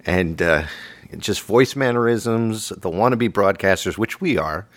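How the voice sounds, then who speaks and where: A man's voice: lowish voice, animated, measured pace, dry recording. A man hosting a podcast, bantering and joking with his co-host. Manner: jokey and playful.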